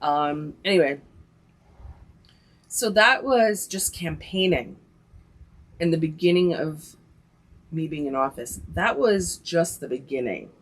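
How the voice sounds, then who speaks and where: Animated woman telling a story. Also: low-pitched, slow pace, pauses often. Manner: animated storytelling, many likes and quoted dialogue. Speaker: podcast host. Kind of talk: casual storytelling chat.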